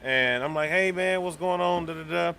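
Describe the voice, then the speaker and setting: A man's voice: a little high, moderate pace, creaky, bright, forceful tone, a little hiss or hum. A man chatting casually, rambling through profane anecdotes with restarts and filler. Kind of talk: casual chat.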